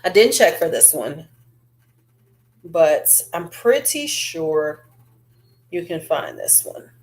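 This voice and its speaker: A woman vlogger in casual, chatty beauty-review talk, rambling with fillers and asides. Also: low voice. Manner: chatty and animated, drawn-out fillers.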